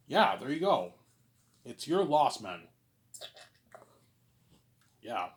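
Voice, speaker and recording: A man talks through a casual vlog monologue, rambling and repeating himself as he stammers into each thought. His voice sits at a mid pitch and swings from loud, excited bursts down to low mutters. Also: extremely slow. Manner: rambling and repetitive, with frequent stammered restarts. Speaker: vlogger. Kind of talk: casual monologue, answering his own questions.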